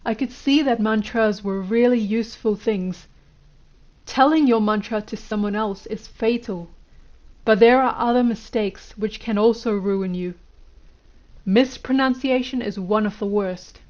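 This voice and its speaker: A woman's voice: medium pitch, measured pace, darkish tone, dull audio, close to an everyday voice. A woman reading the lines of an elderly male guru, lecturing in an instructive way. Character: elderly male Indian guru, stern teacher.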